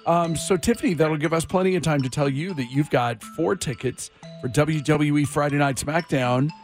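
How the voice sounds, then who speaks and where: A man's voice: a little high, normal speed. A man hosting a casual radio show, joking and running a quiz with his co-hosts. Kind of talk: casual morning radio banter. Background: music bed.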